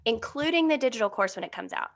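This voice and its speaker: A woman's voice: fairly high pitch, lively intonation. A woman in her thirties, a company founder, speaking as a podcast guest in an earnest, heartfelt way. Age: 30s. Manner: earnest, heartfelt, slow when explaining. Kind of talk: casual interview chat.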